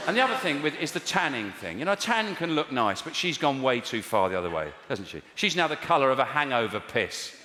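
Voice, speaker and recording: A man's voice: mid-range voice, very animated, brisk, hardly any pauses, crowd noise. A man doing a wry, rambling stand-up routine on stage in a big theatre. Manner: wry, rambling, puts on silly voices. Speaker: stand-up comedian. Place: large theatre with an audience. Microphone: stage microphone. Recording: echoey live hall, loud audience laughter.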